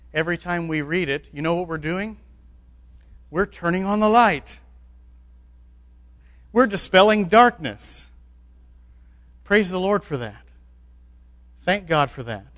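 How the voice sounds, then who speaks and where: A man's voice: a little high, a bit bright. A man preaching a sermon as pastor, building to emphatic declarations. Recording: long hall reverb.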